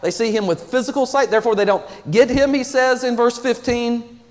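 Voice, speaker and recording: A man's voice: extremely high pitch, fairly even intonation, fairly quick, long reverb tail. A man preaching a sermon as pastor of his church, earnest and conversational, asking his congregation many questions. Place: church sanctuary.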